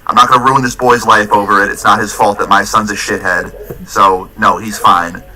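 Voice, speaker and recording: A man's voice: on the low side, steady tone, normal speed, pushed and bright, low-quality recording. A man voicing an exasperated middle-aged mother who talks in a curt, fed-up way.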